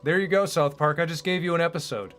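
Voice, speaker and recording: A man's voice: a little high, quick pace, a bit bright. Rambling, opinionated male streamer. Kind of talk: casual chat while streaming.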